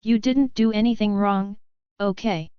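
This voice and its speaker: A woman voicing a gentle, soft-spoken young werewolf princess, in an audiobook. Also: medium pitch, a little slow, clear, resonant tone, no echo, highs cut off, lightly acted.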